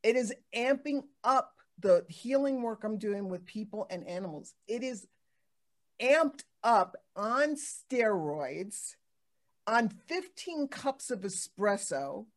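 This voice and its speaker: A woman hosting a casual talk show, telling stories in an animated way with many restarts and fillers. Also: mid-range voice, takes it slowly. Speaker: podcast host. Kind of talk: casual chat.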